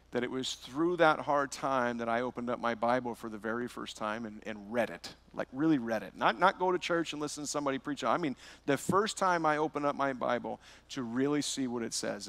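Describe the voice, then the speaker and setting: A man's voice: medium pitch, fairly bright tone. A man preaching a verse-by-verse sermon as pastor, telling a personal story with rhetorical questions.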